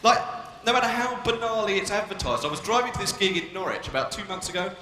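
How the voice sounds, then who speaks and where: A man's voice: high voice, expressive, fast talker, pushed and bright. A young British man doing live stand-up comedy, cheeky and provocative as he banters with the crowd. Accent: British English. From Britain. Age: young adult. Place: large arena stage with a live audience. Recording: echoey arena with long reverb and crowd noise.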